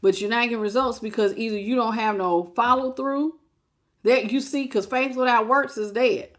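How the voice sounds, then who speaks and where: A woman's voice: a little high, steady tone, moderate pace, a bit bright. A woman tarot reader giving a preachy, emphatic spiritual pep talk in casual, repetitive speech.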